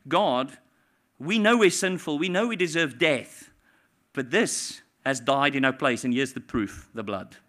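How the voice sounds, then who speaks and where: Man preaching, hushed then ringing. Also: on the high side. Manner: impassioned preaching, swinging from hushed to loud. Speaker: pastor. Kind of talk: sermon.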